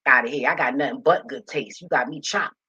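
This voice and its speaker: A woman's voice: a bass voice, fairly quick, bright, forceful tone, breathy edge. Woman, emotional rambling monologue, dull lo-fi sound. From Philadelphia. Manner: passionate, emotional, rambling with restarts. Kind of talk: casual monologue to viewers. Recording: dull lo-fi recording.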